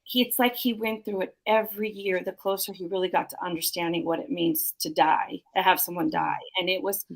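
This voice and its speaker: A woman's voice: on the low side, fairly even intonation, brisk, vocal fry, few pauses. A bereaved mother telling her story in a heartfelt, emotional way during a discussion. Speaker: bereaved mother sharing experience.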